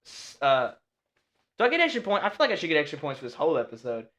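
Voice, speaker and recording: A young man hosting a podcast with his father, earnest and easily flustered, talking in quick bursts. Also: fairly high pitch, huge pitch swings, fairly bright tone. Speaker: podcast host, son. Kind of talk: casual chat.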